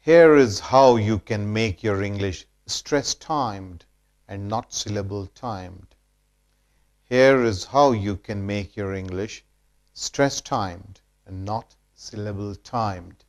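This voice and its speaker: A man from India teaching English pronunciation in a slow, deliberate scripted lesson, repeating example words for drill. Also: fairly low pitch.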